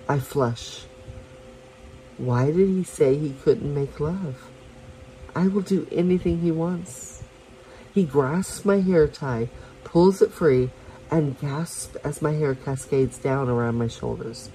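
A woman reading a romance story aloud for her podcast, soft and unhurried, with small slips and restarts. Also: low voice, a little hiss or hum, rough recording.

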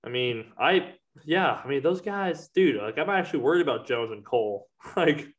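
A man's voice: medium pitch, lively intonation, normal speed. Laid-back young man, rambling chat. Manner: rambling, swears casually, laughs often. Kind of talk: casual chat.

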